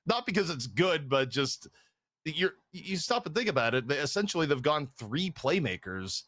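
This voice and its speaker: A man's voice: on the high side, sing-song, moderate pace, a bit bright, no echo. A man casting an esports match, giving analytical commentary and thinking aloud with frequent restarts. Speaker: esports caster.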